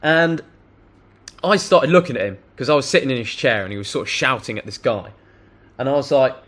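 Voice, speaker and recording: A man's voice: mid-range voice, a little fast, a bit bright. A young man giving blunt, casual advice straight to camera, swearing freely as he tells a story. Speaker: self-improvement vlogger. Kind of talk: direct-to-camera advice monologue.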